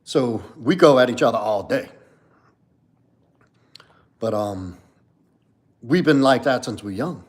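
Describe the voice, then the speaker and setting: A coach in his forties hosts a casual livestream, answering viewer comments bluntly, candidly, and profanely, with plenty of "like" and "you know." He speaks slowly at medium pitch, animated, with long pauses.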